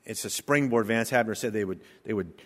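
A man preaching a sermon as pastor, emphatic, building to loud stressed peaks. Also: lowish voice, fairly quick. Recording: long hall reverb.

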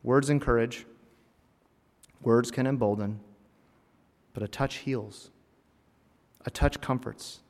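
A man preaching a personal sermon in a church, earnest, rising to emphatic lines and dropping to hushed, heavy phrases. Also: mid-range voice, steady tone, takes it slowly, long pauses. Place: church sanctuary. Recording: long reverb of a church hall.

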